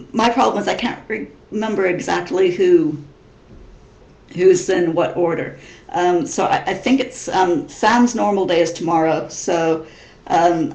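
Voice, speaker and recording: A woman in her thirties from Missouri whose American accent is mixed with English, chatting in a rambling, casual vlog Q&A style. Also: fairly low pitch. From Missouri, United States. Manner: chatty, rambling, frequent restarts. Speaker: vlogger. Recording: roomy echo.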